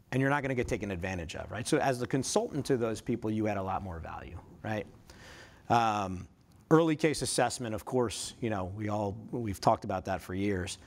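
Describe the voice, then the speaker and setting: A man's voice: medium pitch, expressive, fairly quick, darkish tone. A man in his thirties giving a casual, conversational talk to law students, often checking in with tag questions and joking at his own expense. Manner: conversational, self-deprecating, frequent tag questions. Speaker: career fest speaker.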